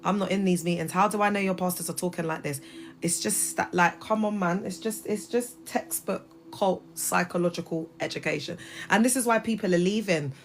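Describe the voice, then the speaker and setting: A woman's voice: fairly low pitch, brisk, slight background noise. A woman in her thirties hosting a casual livestream from her phone, talking emphatically and addressing viewers directly. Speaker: livestream host.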